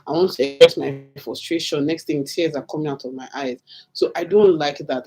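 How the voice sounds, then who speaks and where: A woman in her thirties, her voice low and a little mellow, casually chats with her viewers as a vlogger answering their questions. In this get-to-know-me talk she's candid and talkative, repeating phrases for emphasis.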